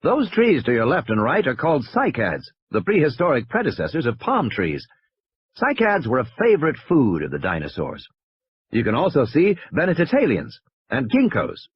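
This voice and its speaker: A man's voice: medium pitch, wildly swooping pitch, normal speed, husky, dry recording. A man voicing a grand male announcer on a park tour recording, sonorous and showy. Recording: dull lo-fi recording.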